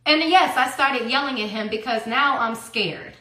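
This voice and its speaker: Woman storyteller, fairly high bright voice, emphatic swings from hush to loud, roomy echo. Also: normal speed. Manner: emphatic, profane, swings between hushed and loud. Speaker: storyteller recounting personal events. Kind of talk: casual tell-all monologue.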